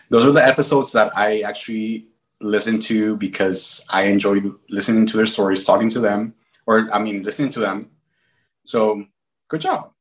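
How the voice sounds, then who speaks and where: A man co-hosting a podcast, chatting casually and retelling moments in a laid-back, animated way. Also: on the low side, moderate pace, rough recording. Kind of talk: casual chat.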